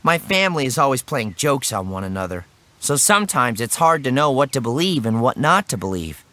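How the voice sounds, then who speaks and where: A man narrating a children's story in the first person, expressive and animated. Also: mid-range voice, brisk, no echo. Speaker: audiobook narrator.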